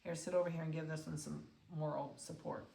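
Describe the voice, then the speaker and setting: A woman's voice: deep voice, fairly even intonation, brisk, vocal fry, mellow, far from the mic. A woman dog breeder from central Ohio, chatting casually and laughing often as she weighs and collars puppies. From central Ohio, USA. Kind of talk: casual talk while handling puppies. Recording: echoey room, away from the mic.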